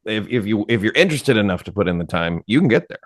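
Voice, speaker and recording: A man, a podcast guest, explaining things in a relaxed, matter-of-fact way during casual conversation. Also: lowish voice, fast talker. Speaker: podcast guest, writer and improv teacher.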